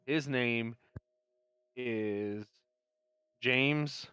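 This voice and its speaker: A man running a tabletop game as game master, explaining details in a relaxed, slightly scattered way. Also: medium pitch, extremely slow, smooth, dry recording.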